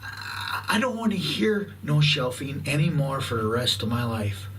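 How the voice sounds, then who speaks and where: Recorded on a distant mic with background noise, this fifty-something YouTube host has a mid-range, sing-song voice. He lays into his pet peeves for his channel's viewers in a profane, combative rant, stretching words out long.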